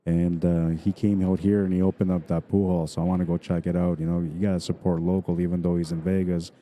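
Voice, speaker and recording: A man's voice: low-pitched, flat delivery, fast, mellow, slight background noise. A middle-aged man from Manitoba with a Canadian accent, rambling casually as a pool stream commentator and reading viewer comments aloud.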